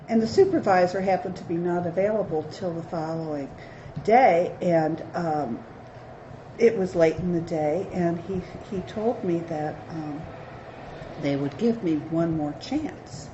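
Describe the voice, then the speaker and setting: A woman's voice: on the low side, animated, a little slow, warm tone. A middle-aged woman giving a candid, self-deprecating recovery talk to a meeting. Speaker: AA speaker. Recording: roomy, dull hall recording with faint hiss.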